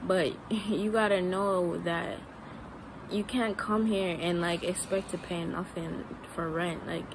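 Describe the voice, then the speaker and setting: A woman's voice: fairly low pitch, fairly even intonation, takes it slowly. A woman from the United States vlogging casually and frankly, leaning on "like". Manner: frank, fills with "like". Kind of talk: casual vlog. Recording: street noise with passing traffic.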